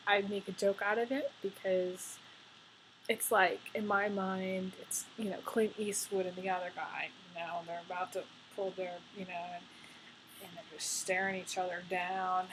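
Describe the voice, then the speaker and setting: A woman reads tarot cards in a loose, rambling way, full of fillers and restarts, her voice turning emotional as she goes. Her pitch sits in an ordinary middle range. A faint hum of ambience lies under the recording. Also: fairly bright tone, low-quality recording. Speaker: tarot reader. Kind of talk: casual spoken tarot reading.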